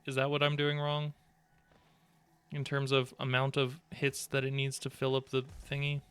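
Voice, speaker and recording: A man's voice: mid-range voice, completely flat delivery, normal speed, fairly bright tone, smooth, dry recording. Rambling, joking male game streamer. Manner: rambling, joking, swears often. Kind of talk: casual live gameplay commentary. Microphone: desk microphone.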